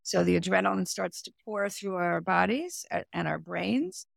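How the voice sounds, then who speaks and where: A middle-aged woman, a performance coach and therapist, explaining her method in a podcast interview, with lively, hands-on explanations. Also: lowish voice, normal speed, gravelly, dry recording, clean studio sound. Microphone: remote audio, no camera.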